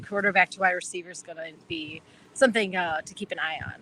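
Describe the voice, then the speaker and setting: A woman with a Wisconsin accent chats as a podcast guest, rambling eagerly with many fillers. Her voice is bright and forward. A faint hiss sits under the recording. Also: fairly low pitch, fairly even intonation, fast talker, rough recording. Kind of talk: casual chat.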